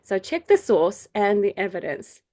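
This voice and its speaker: A woman's voice: very animated, normal speed, warm tone. A middle-aged woman teaches her group over a video call in a loose, conversational way. She laughs easily and lifts her voice when she acts out quoted people. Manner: chatty, laughs often, acts out quoted voices in a higher pitch. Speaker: faith group meeting leader. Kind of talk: casual teaching talk.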